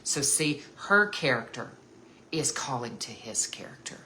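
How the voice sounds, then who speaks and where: A woman's voice: extremely low pitch, very animated, measured pace, pushed and bright, a little hiss or hum. A woman giving earnest, emphatic devotional Bible teaching to other women, repeating key points and calling them sisters. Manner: addresses listeners as sisters.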